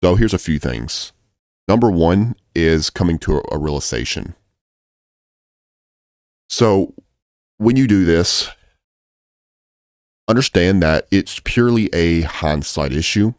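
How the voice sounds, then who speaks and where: A trading coach in a casual advice video speaks in a low, expressive voice, slowly and with long pauses. He's blunt and foul-mouthed, driving points home through repetition, and the studio-quality audio has no echo.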